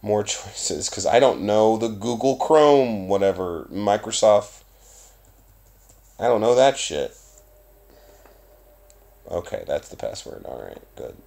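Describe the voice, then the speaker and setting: A young adult man with a Southern US accent, hosting his own podcast in a casual, profane, rambling monologue with bursts of loud emphasis. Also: on the low side, lively intonation, takes it slowly, gravelly, pauses often. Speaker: podcast host.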